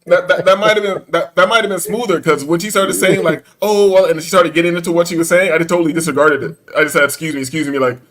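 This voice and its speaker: A man's voice: fairly high pitch, fast, few pauses, a bit bright. A man telling a story in casual chat, acting out the quotes and laughing often, with profane slangy banter.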